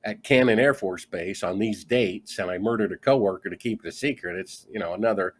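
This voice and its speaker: A man's voice: fairly low pitch, a little fast, breathy edge. A middle-aged man, a guest author in a conversational interview, telling his story with energy and acting out the dialogue he quotes.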